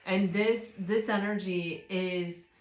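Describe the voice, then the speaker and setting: A woman giving a tarot reading as a casual spiritual chat, rambling with many fillers and restarts in a soft, reassuring way. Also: medium pitch, fairly even intonation, slow. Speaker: tarot reader. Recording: roomy echo.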